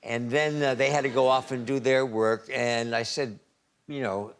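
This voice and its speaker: A man telling a story as a guest on a chat show, halting and repeating words with a chuckle. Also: medium pitch, fairly even intonation.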